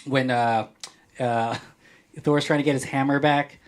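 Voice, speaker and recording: A man's voice: mid-range voice, steady tone, unhurried. A man hosting a podcast, chatting casually and reading listener mail in a playful, joking way. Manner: playful, jokey, rambling. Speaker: podcast host.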